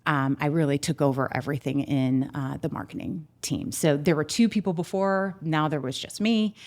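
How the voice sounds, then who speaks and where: Middle-aged woman telling a story in an interview, low voice, voice jumps up and down with feeling. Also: moderate pace. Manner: heartfelt storytelling, animated pitch swings. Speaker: guest, restaurant marketing executive. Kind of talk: casual interview conversation.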